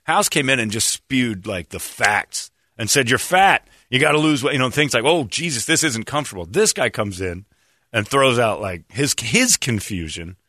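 Sarcastic man ranting with lively pitch. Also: moderate pace, no room sound, clean studio sound. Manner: mocking, exaggerated mimicry of others. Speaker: radio show host. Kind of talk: sarcastic comedic rant.

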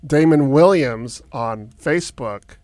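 A man's voice: mid-range voice, takes it slowly, darkish tone, dry recording. A man co-hosting a tech podcast who chimes in agreeably and reads out listener comments. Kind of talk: casual tech podcast chat.

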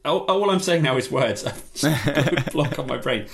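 A man guesting on a podcast, ranting in an animated, jokey way during casual chat. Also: fairly high pitch, moderate pace, creaky.

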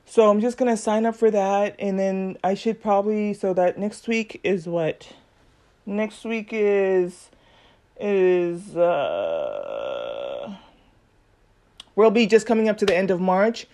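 A woman's voice: mid-range voice, very animated, slow pace, warm tone. Chatty woman podcaster, lots of fillers. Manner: chatty, many fillers, acts out quoted dialogue. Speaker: podcast host. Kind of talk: casual chit-chat monologue.

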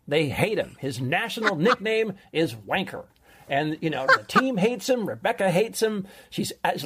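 A man's voice: high voice, a bit bright, husky. A man hosting a chatty show, talking enthusiastically and laughing easily. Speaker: show host, reviewer. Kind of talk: casual chat.

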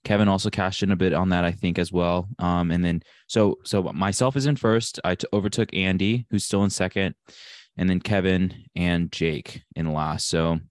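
Deep-voiced man with a wry, joking delivery. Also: fairly even intonation, normal speed, no echo, studio quality. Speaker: betting segment host. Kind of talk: casual sports podcast chat.

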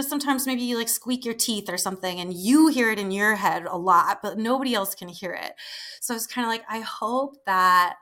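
A woman's voice: mid-range voice, pushed and bright. A woman in her thirties chatting casually as an interview guest, swearing freely and laughing as she tells stories. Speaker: guest performer.

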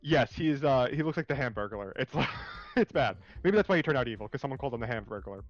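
A man co-hosting a casual comics discussion, animated and searching for words. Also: medium pitch, fast talker, no echo, muffled recording. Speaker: co-host.

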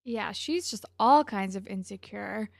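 Chatty young woman with gravelly fry. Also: mid-range voice, unhurried, no echo, clean studio sound. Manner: chatty, sarcastic, acts out characters' lines. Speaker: podcast co-host recapping a TV show. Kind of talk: casual chat, recapping episodes.

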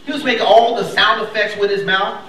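Animated high-voiced man doing stand-up. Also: brisk, background noise. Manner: animated, acts out characters with big pitch jumps. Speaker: stand-up comedian. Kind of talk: stand-up comedy set. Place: comedy club stage before a laughing crowd. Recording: echoey club audio, mic far off, crowd laughing. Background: audience laughter.

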